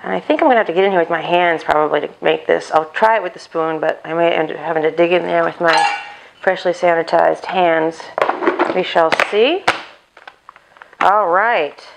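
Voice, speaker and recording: A woman's voice: fairly low pitch, normal speed, vocal fry, slight background noise, low-quality recording. A woman hosting a home cooking video on a chest mic, chatting casually and talking to herself as she works. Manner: rambling, talks to herself while cooking. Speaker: cooking channel host. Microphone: lapel mic on chest.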